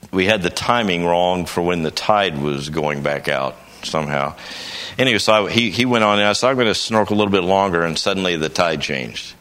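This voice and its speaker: Low-voiced older man preaching. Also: fairly bright tone. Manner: folksy storytelling, rising to emphatic bursts. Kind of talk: conference sermon.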